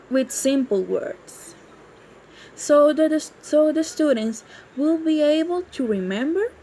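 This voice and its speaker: A woman's voice: high voice, warm tone, slight background noise, rough recording. A woman giving a class presentation on teaching, in a hesitant way and repeating words as she goes.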